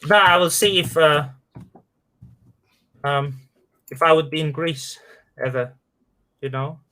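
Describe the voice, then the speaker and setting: A man hosting a casual live-stream chat, talking in halting phrases with many restarts and fillers. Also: fairly high pitch, bright, forceful tone. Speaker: host.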